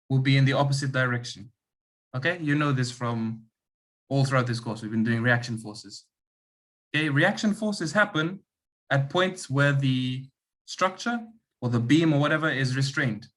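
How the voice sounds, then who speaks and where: A man's voice: medium pitch, fairly bright tone. A man running an online engineering lab class, explaining concepts step by step and often checking in with "okay" and "right". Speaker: lab demonstrator.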